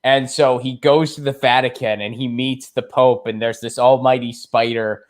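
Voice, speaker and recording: A man who is a guest comedian on a political talk show, telling stories and acting out scenes in high, mocking voices. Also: steady tone, a little slow. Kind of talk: casual political chat.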